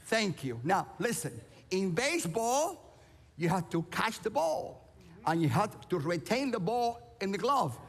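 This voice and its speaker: A man from Cuba preaching a sermon, playful and animated, calling out to people in the audience. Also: high-pitched, a little slow, big-room sound. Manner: playful, animated, calls out to the crowd. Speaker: pastor. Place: large church auditorium.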